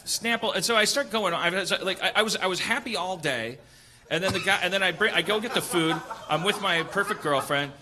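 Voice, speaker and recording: Guy hosting a podcast, kinda high voice, ranting and cursing, funny stories. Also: fairly quick, crowd noise. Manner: animated, profane ranting. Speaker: podcast host. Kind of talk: casual comedic storytelling.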